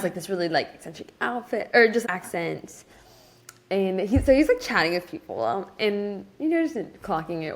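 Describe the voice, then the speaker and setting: A young woman co-host tells a story at chatty podcast pace, and her pitch rises and falls freely. She fills her talk with "like" and jumps higher whenever she quotes someone. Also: creaky. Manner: animated, lots of "like" fillers, voice jumps up when quoting people. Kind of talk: casual storytelling chat.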